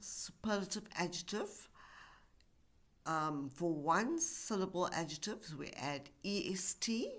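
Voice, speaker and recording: A woman teaching English grammar in a recorded lesson, speaking carefully and stretching out example words. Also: fairly low pitch. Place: university e-learning course.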